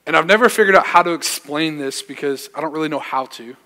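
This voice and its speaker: A young man preaches with a slightly raised pitch, recorded in a church hall with a long reverb tail. He tells a personal story loosely and in slang, with self-deprecating jokes. He sounds like a youth pastor talking straight to his congregation. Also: fast talker, bright, forceful tone. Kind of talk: sermon. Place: church sanctuary.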